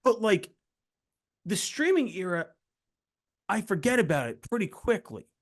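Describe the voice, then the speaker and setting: A young man hosting a casual interview, excitable, swearing freely and jumping in often. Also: sits high, measured pace. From Philadelphia area. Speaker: podcast host.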